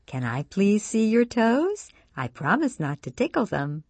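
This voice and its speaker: Woman doing a gentle, coaxing lady playing with a toddler. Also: mid-range voice, big pitch swings, unhurried, no echo, pitched above the performer's own voice. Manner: soft, gentle asking.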